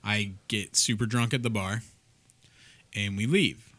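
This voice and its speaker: A man with a low but bright, forceful voice, telling stories with blunt sarcasm and the odd curse. He sounds like a podcast co-host in casual talk. The recording is close and dry. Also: a little slow, no echo. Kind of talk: casual storytelling chat.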